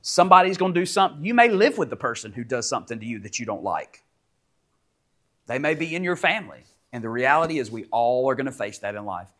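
A man in his forties preaching a sermon as pastor, emphatic and animated, acting out little quotes. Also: mid-range voice, quick pace. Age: 40s.

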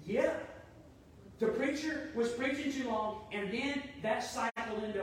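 A man's voice: very high voice, unhurried, heavy reverb, far from the mic, a little hiss or hum, rough recording. A man preaching a sermon in a conversational, storytelling way. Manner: conversational, storytelling, animated when quoting. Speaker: pastor.

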